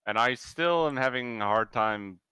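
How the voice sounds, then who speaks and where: A man in casual podcast chat, a player in the game, playful and quick to laugh. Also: medium pitch, animated, bright, forceful tone, clean tone.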